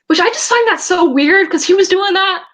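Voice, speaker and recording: A woman's voice: extremely high pitch, moderate pace, a bit bright, poor audio. A teenage girl vlogger telling a story in a rambling, agitated way, with many restarts. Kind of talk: storytime vlog.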